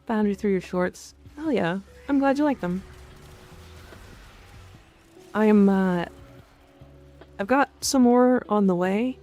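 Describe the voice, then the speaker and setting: A woman's voice: medium pitch, unhurried, mellow. A woman game streamer chatting casually and ranting offhand, with frequent swearing. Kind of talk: casual gaming stream chat. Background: faint background music.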